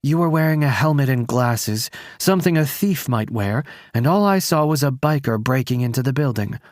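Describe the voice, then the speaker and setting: A man voicing a defiant young woman in an audiobook, with a lower, smoky tone and curt, combative lines. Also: lively intonation, normal speed, dry recording, clean studio sound, lightly acted. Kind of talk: audiobook character voice.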